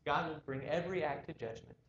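A man's voice: on the high side, fast talker, fairly bright tone, roomy sound, lo-fi sound. A man preaching a sermon, earnestly urging his listeners and pressing them with repeated questions.

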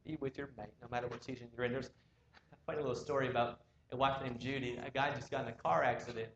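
A man's voice: medium pitch, level tone, fast, fairly bright tone, roomy sound, lo-fi sound, slight background noise. A man preaching a sermon, earnestly urging his listeners and pressing them with repeated questions.

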